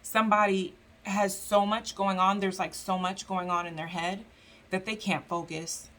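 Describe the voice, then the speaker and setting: A woman's voice: medium pitch, little pitch movement, normal speed, a bit bright. Chatty woman doing a tarot reading. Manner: chatty, filler-heavy, acts out voices of spirit and clients. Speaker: tarot reader. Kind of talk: casual tarot reading monologue.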